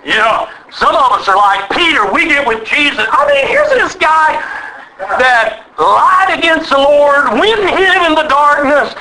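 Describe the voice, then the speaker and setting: Preacher, male, high and piercing, animated sermon delivery with call and response. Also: a little slow, a little hiss or hum, rough recording. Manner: animated preaching, acting out voices of God and Bible figures; leads the audience in call and response.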